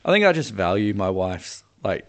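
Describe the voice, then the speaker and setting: A man's voice: fairly low pitch, big pitch swings, normal speed, fairly bright tone. A man co-hosting a casual podcast, laid-back and thoughtful, often trailing off. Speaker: podcast co-host.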